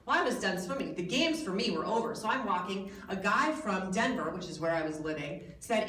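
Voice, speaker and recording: A woman's voice: mid-range voice, lively intonation, brisk, few pauses, a bit bright, far from the mic, slight background noise. Wisecracking woman speaking in an echoey hall. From United States. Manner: jokey, self-mocking storytelling. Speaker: guest speaker. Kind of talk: motivational keynote speech. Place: large hotel event hall.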